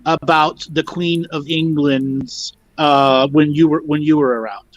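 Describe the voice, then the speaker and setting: A man's voice: a little high, steady tone, a little slow, lo-fi sound. A man hosting a spiritual teaching talk, guiding the guests and checking in with "okay?". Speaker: host and teacher.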